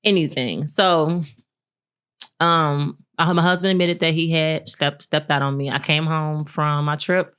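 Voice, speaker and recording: A woman with a low voice co-hosts a podcast and tells a personal story in casual chat. She talks candidly and acts out the quotes of the people in it. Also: measured pace, clear, resonant tone. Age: adult, married with a son. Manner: candid, animated retelling with laughs and acted-out quotes. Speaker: podcast co-host.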